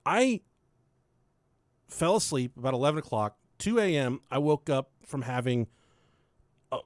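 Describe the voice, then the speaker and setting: A man's voice: medium pitch, animated, a little slow, no echo, studio quality. A young man hosting a podcast, telling a story in a loose, profane way and laughing along with it. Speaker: podcast host. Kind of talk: casual storytelling chat.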